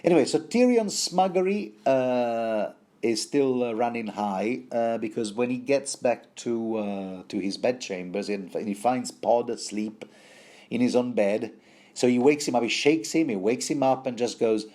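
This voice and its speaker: A man's voice: medium pitch, measured pace, warm tone. A man giving a rambling, casual book commentary, full of fillers and wry asides.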